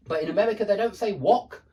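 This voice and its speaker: An English man teaches pronunciation in a loose, chatty way, his pitch swinging widely as he drags out example words. He sits a little back from the mic, so the voice sounds slightly distant. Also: darkish tone. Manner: chatty, thinks aloud, repeats sample words slowly. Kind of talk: casual online pronunciation lesson.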